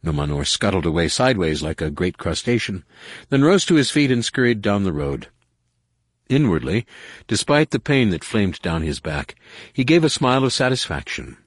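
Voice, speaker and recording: A man with a very low voice narrates a novel in a measured, expressive way. His pitch moves a lot across each sentence. The recording is dry and close. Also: breathy edge, no echo. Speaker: audiobook narrator. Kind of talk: scripted narration.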